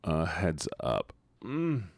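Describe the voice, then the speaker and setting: Young man, game streamer, casual chatty talk, bouncy animated pitch, dry close-miked voice. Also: very slow, dry recording. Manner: chatty, talks to chat, laughs and swears often. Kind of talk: casual live-stream chat while gaming.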